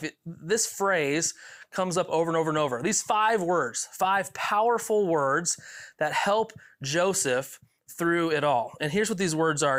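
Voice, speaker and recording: Chatty youth pastor, light and joking. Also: male voice, on the high side, fairly bright tone. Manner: lighthearted, chuckling asides, repeats words. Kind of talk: youth sermon with Bible reading.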